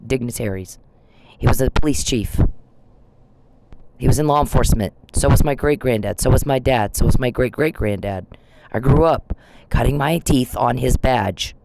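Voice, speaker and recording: A man's voice: mid-range voice, brisk, vocal fry, a little mellow, a little hiss or hum, poor audio. A man vlogging, speaking in a confrontational, accusing way straight to someone he blames. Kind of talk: monologue video addressing an absent person.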